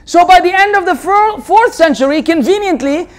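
Animated high-voiced man lecturing. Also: normal speed. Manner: animated, rhetorical, mimics opponents' voices. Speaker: Islamic lecturer. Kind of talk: religious lecture. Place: lecture hall.

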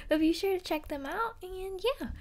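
A woman's voice: extremely high pitch, normal speed. A woman playing a bubbly teenage girl at a hero school, telling a dorm story in a chatty, giggly way with many fillers. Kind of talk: in-character storytelling vlog.

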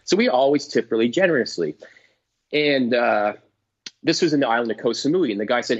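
A middle-aged man, a comedian guest, telling stories in casual chat, animated and swearing, acting out voices. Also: medium pitch, fairly quick, husky. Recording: dull lo-fi dry sound.

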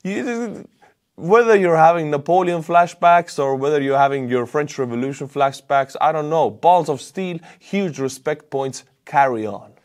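A man's voice: on the high side, unhurried. A man from Estonia with an Estonian accent, delivering emphatic, opinionated war news commentary on his channel. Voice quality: emphatic, animated, with sudden loud outbursts.

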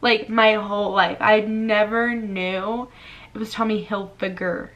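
A woman of twenty-one from Florida, chatting casually in a vlog, full of "like" and quick laughs as she reads comments aloud. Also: mid-range voice, fairly even intonation, a bit bright, lo-fi sound. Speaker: YouTuber.

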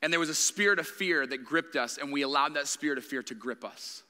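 Bright-voiced man preaching in a reverberant church. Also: a little high, fairly quick. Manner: candid, conversational preaching. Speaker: guest preacher. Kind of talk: sermon. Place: church sanctuary. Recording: long reverb of a church hall.

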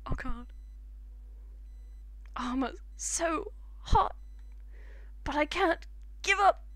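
A young British woman commentating her game stream, giggly and sweary. Her voice is high and bright, swinging widely in pitch at an unhurried pace. It's close and dry, like a desk mic. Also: expressive, no room sound. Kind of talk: casual gaming commentary.

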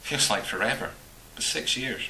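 A man voicing a shy, hesitant young woman with a Lowland Scottish accent. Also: moderate pace, pushed and bright, slight background noise, rough recording. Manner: hesitant, stammering.

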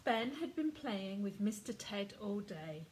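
A woman reading a children's picture book aloud in a gentle, expressive storytelling manner. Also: medium pitch, unhurried, a little hiss or hum, low-quality recording. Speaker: storybook reader.

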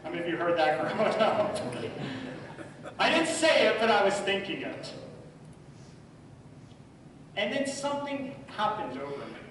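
A middle-aged man preaching a sermon, telling a story with dramatic swings from loud to hushed. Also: high-pitched, big pitch swings, measured pace, long pauses. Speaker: pastor. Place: church sanctuary. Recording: echoey church from far off, faint noise.

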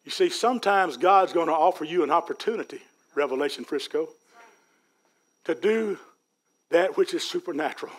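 A man preaching a sermon in a church, folksy and rising to loud peaks. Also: on the high side, animated, moderate pace. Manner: folksy preaching, Southern US dialect, builds to shouts. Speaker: pastor. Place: church sanctuary.

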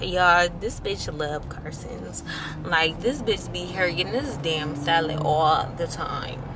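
A young woman rambles to her camera while driving, slangy and chatty, laughing between thoughts. She talks slowly and unhurriedly. The hum of the car and street traffic sits clearly behind her voice. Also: on the low side. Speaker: vlogger. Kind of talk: casual vlog chat. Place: in a car, driving and parked outside.

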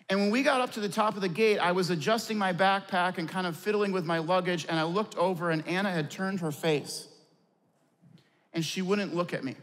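High-voiced man preaching in a big hall. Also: fairly even intonation, brisk. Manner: storytelling, dropping low and soft for key points. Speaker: pastor. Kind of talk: sermon. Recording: long reverb of a large church hall.

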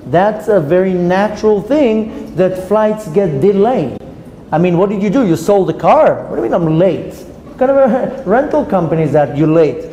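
A rabbi gives a class in an echoey hall, his fairly high voice mellow and soft-edged. He tells stories with lively restarts, and a faint hiss of room noise sits behind him. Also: normal speed. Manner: storytelling, animated, frequent restarts. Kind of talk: Torah class talk with anecdotes. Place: classroom at a women's institute.

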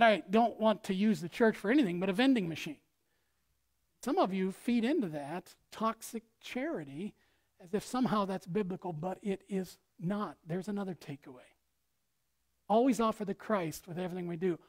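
A woman pastor preaching a sermon in an animated way, acting out quotes with big swings in loudness. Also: medium pitch.

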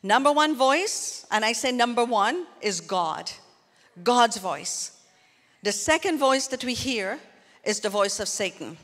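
A woman's voice: a little high, animated, slow pace, a bit bright. A woman pastor preaching a sermon in an earnest, conversational way, turning often to the congregation with asides. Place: church hall. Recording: long hall reverb.

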